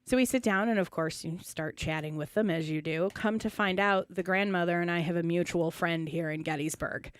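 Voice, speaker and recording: A woman's voice: on the low side, a little fast, hardly any pauses, clear, resonant tone, no echo. A woman co-hosting a podcast, telling a story with plenty of animation and laughter. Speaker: co-host. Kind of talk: casual storytelling chat.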